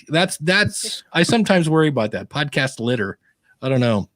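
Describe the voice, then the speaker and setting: Animated man telling stories in chat. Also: on the high side, moderate pace, no room sound, clean studio sound. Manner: animated storyteller, acts out quotes. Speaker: podcast panelist. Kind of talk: casual panel chat.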